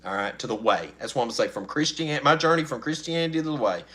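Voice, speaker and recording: A middle-aged man with a drawl talks loosely and casually to his viewers. His voice is bright and a little forceful, and he rambles with folksy asides and chuckles. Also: mid-range voice, expressive, fast. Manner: rambling, folksy, laughs often. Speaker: channel host. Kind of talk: casual live-stream chat.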